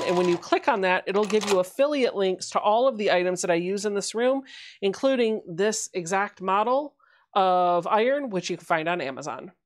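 A woman's voice: mid-range voice, a little hiss or hum. A woman hosting a live sewing stream, chatting casually and explaining each step as she works. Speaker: livestream host. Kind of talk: casual chat while sewing.

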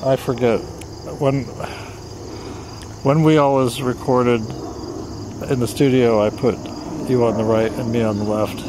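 A man's voice: medium pitch, fairly even intonation, unhurried, pauses often, noisy background. A man co-hosting a casual podcast chat, joking in a dry, wry way. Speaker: podcast co-host. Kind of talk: casual conversation.

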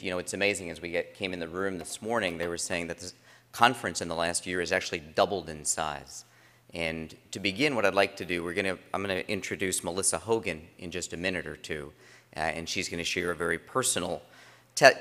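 Deep-voiced man chairing a conference. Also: a little fast, pushed and bright. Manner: conversational storytelling with frequent restarts. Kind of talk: opening remarks at a conference. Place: large conference room. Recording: long reverb of a conference hall.

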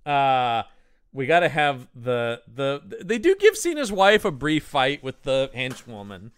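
Male podcast co-host, lively animated delivery, close dry mic, casual movie chat. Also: medium pitch, unhurried, clear, resonant tone, no echo. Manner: animated, emphatic, acts out quotes.

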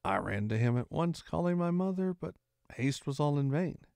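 A man reading a classic adventure novel aloud in expressive first-person narration. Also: a little high, normal speed, vocal fry, no room sound, clean studio sound. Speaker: storyteller.

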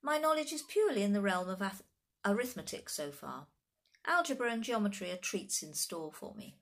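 A small boy who talks like a stuffy professor, clipped and exact in every word, as a woman reading aloud puts him on. His voice jumps around with animated swings in pitch. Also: brisk, close to an everyday voice. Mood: precise, formal. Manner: formal, severe, precise. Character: precocious pompous little boy, nearly five.

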